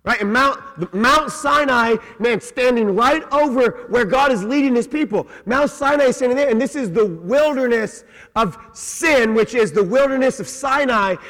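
A man preaches a sermon as pastor, his voice pitched high. He talks in a lively, conversational way, often checking in with the listeners and slipping in jokes. The sound rings with the long reverb of a large church hall. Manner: animated, conversational preaching with repeated "right?" asides and joking. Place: church sanctuary.

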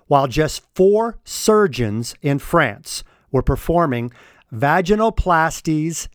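Emphatic man with a lively voice. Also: fairly high pitch, slow pace, dry recording, studio quality. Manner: emphatic, repeats key words for stress. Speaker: commentator. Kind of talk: opinion commentary, reading from a report.

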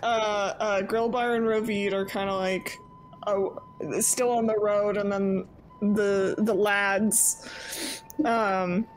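A woman playing a tabletop game, halting and filler-heavy as she explains her turn. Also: medium pitch, level tone, slight background noise. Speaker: player. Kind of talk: casual tabletop game play.

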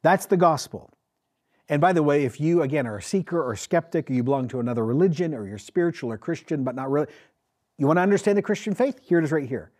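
Husky, animated pastor preaching a sermon. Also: male voice, fairly high pitch, fast talker. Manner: emphatic, asks the congregation questions. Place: church with a congregation.

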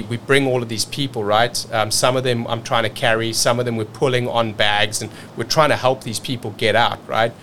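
An energetic man from South Africa talks through a story as a podcast guest. He often repeats words as he pushes ahead, with a voice of middling pitch. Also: a little hiss or hum. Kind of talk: casual storytelling.

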